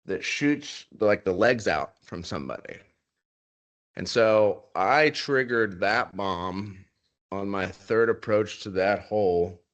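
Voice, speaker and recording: Low-voiced man telling a story. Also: fairly bright tone, dull audio. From United States. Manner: candid, wry humor about grim events. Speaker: military veteran speaker. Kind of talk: personal storytelling.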